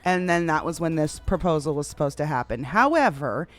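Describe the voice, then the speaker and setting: A woman's voice: low voice, lively intonation, fairly quick. Laughing woman streamer recapping a roleplay. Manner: laughs a lot, exclaims, rambling storytelling with fillers. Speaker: streamer playing a roleplay character.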